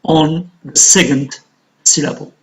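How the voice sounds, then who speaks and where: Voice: medium pitch, fairly even intonation, measured pace, poor audio. An English teacher with an Algerian accent, giving a recorded lesson and explaining step by step, asking questions and answering them.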